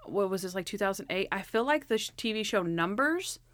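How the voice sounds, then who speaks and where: A young woman chatting casually about a TV episode, animated, acting out the characters' lines, with lots of "like" fillers. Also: mid-range voice, brisk, dry recording. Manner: frequent "like" fillers. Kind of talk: casual chat recapping a TV episode.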